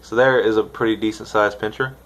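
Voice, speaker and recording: A young man from the United States rambling excitedly in a casual vlog, swearing now and then. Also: fairly low pitch, brisk, dull audio. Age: young adult. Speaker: vlogger reviewing dip.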